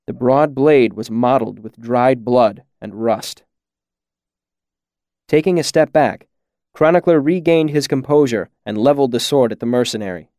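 A man narrating a story in a measured, expressive way. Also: mid-range voice, no room sound, studio quality. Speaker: audiobook narrator. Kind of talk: scripted narration.

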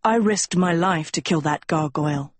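A woman voicing an arrogant teenage prince, smug and teasing, in a low husky voice close to her own. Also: moderate pace, dry recording, close to an everyday voice.

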